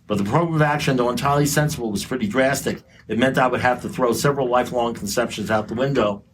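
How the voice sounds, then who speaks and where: A man's voice: mid-range voice, fast, a little hiss or hum. A man speaking at a recovery meeting, blunt and profane, talking straight to the audience with frequent restarts. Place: meeting room.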